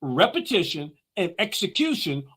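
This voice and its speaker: A man with a notably high-pitched voice delivers a motivational talk. He speaks emphatically, asking questions and answering them himself, and drives home key phrases by repeating them. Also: sing-song, normal speed, a bit bright, husky. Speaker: host.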